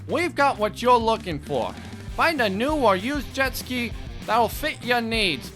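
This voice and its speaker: A man voicing a pushy shark who sells jet skis, in a loud hard-sell radio ad. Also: very high voice, heavily acted. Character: pushy shark jet ski dealer, male, older. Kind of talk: comedic radio ad.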